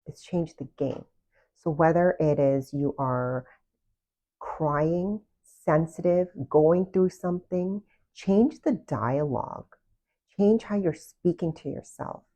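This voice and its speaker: A woman's voice: low-pitched, takes it slowly, warm tone, highs cut off. A woman giving casual, earnest self-love advice, often asking the listener direct questions. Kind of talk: casual motivational talk to camera.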